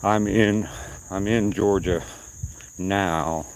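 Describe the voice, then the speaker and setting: A man's voice: deep voice, fairly even intonation, extremely slow, slight background noise, low-quality recording. An older man with a slight Southern accent, chatting casually with viewers on a live stream while out on a walk, rambling from topic to topic. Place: outdoors at night on a walk.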